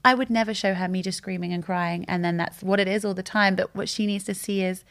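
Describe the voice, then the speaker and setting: A woman in her thirties talks openly as a podcast guest. Her voice has a gravelly edge, and she tells her stories with animation, acting out the lines she quotes. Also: medium pitch, fairly even intonation, fast talker, fairly bright tone. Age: 30s. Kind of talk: candid conversational chat.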